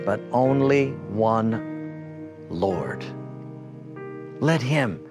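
Man, pastor, sermon, lively storytelling, acts out voices, soft music underneath. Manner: animated storytelling, acting out quoted voices with big pitch jumps.

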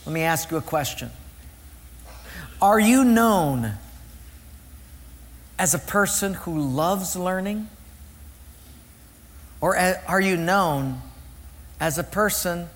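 High-voiced joking pastor, echoing hall. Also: male voice, animated, fairly bright tone. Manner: slow deliberate scripture reading, joking storyteller. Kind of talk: sermon. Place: church sanctuary.

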